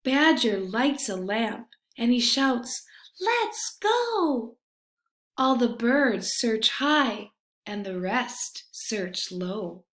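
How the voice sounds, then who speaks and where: A woman reading a children's picture book aloud, gentle and expressive, with hushed refrains. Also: a little high, slow pace. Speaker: storybook reader. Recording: roomy echo.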